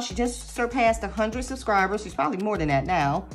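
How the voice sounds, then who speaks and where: A woman's voice: mid-range voice, brisk, hardly any pauses, faint music behind. Chatty woman vlogger. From United States. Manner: chatty and animated, addresses viewers as y'all. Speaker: budgeting vlogger. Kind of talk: casual chat to camera.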